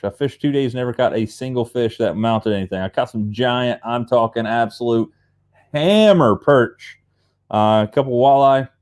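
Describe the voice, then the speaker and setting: Brief A young Appalachian-accented man hosting a livestream. He talks in a loose, rambling, chatty way and calls out to viewers by name. His voice sits at an ordinary middle pitch. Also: a little mellow. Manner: rambling and chatty, reads viewer comments aloud. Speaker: livestream host. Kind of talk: casual live chat.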